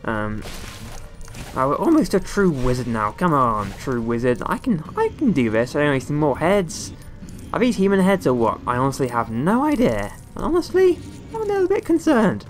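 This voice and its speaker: Lively young gamer rambling playfully. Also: male voice, moderate pace, faint music behind. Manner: playful, rambling, jumps into squeaky high exclamations. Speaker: gaming YouTuber. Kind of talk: let's play commentary.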